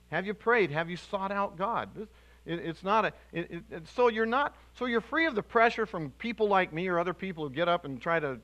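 Animated bright-voiced male preacher. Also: high voice, low-quality recording. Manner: animated, emphatic preaching with restarts and sudden loud bursts. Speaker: pastor. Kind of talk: sermon. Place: church sanctuary.

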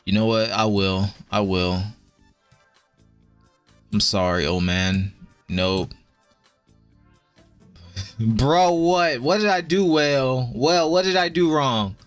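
A young man streams over faint background music, talking slowly to his viewers. His verdicts are blunt and profane, and he tosses them off with a laid-back drawl at a middle pitch. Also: clean tone, no room sound. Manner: chatty with viewers. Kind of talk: casual live-stream commentary.

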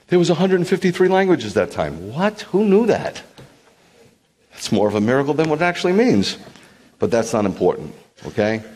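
A man with a lowish voice delivers a sermon as a rabbi, animated and quick with wry asides. His voice carries a long reverberant tail from a large congregation hall. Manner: animated, joking asides, acts out quotes.

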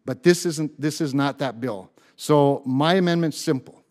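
A man's voice: on the high side, measured pace, darkish tone. A man speaking as a senator at a committee hearing, stressing and repeating key words, often restarting his phrases. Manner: frequent restarts and word repeats. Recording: long reverb in a hearing room.

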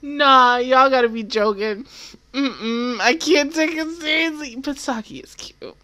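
A young woman giving casual, excitable reaction commentary, swearing freely and laughing often. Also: sits high, measured pace. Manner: excitable, profane, laughs often, loud exclamations. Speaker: anime reaction video host.

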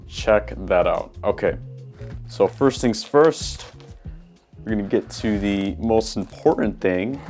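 A man casually talking through a toy unboxing at a small table, relaxed and chatty with frequent ums and uhs. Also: fairly low pitch. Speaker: toy collector reviewer.

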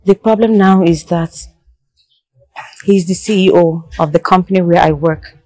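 A woman's voice: lowish voice, moderate pace, darkish tone, natural voice, low-quality recording. An actress with a Nigerian accent playing a young woman who is hesitant and apologetic after lying to her boss. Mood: anxious. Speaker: office employee. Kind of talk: film drama acting.

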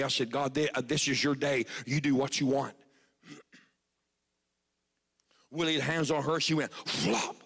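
A man preaching a revival sermon, shouting at times and dropping to a hush at others. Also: medium pitch, fairly even intonation, normal speed, long pauses, slightly rough. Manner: shouting, swinging from loud to hushed.

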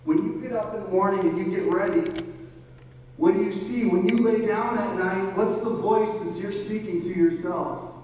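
A man's voice: sits high, moderate pace, darkish tone. A man preaching a sermon as pastor, earnest, asking the congregation questions and often restarting his words. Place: church hall. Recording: echoey hall, voice from far off, faint noise.

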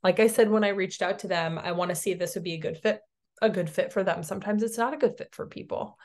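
A woman's voice: mid-range voice, fast talker, a little mellow. Chatty woman coaching her sales team. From Tennessee, USA. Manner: chatty, encouraging, checks in with "okay?". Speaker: network marketing team leader. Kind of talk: recorded sales training talk.

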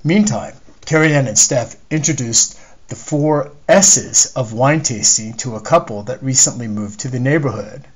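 A man, the author, reading a chapter of his novel aloud in measured storytelling narration. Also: mid-range voice, slightly rough, low-quality recording. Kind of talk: scripted narration.

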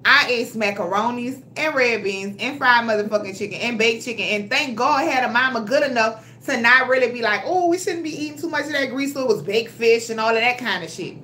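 Bright-voiced blunt woman on a livestream. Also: fairly high pitch, brisk, few pauses, a little hiss or hum. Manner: blunt, profane and animated, talking straight to viewers. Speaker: health vlogger. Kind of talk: casual livestream storytelling. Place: at home. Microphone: phone livestream.

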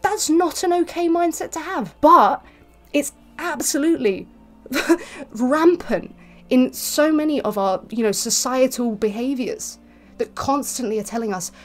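A woman's voice: high voice, lively intonation, unhurried, soft background music. A woman reacting to video clips with sarcastic, exasperated ranting commentary.

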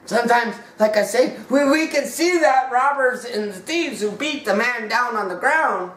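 A woman preaching a sermon emphatically, swinging from loud high peaks down to hushed drops. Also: normal speed. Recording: roomy sound from a distant mic.

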